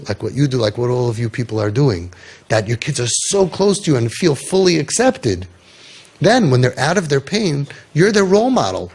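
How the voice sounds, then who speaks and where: Gravelly, husky man lecturing with passion. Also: mid-range voice, a little mellow. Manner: emphatic, storytelling, fires rhetorical questions. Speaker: parenting crisis coach. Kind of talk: impassioned talk to parents.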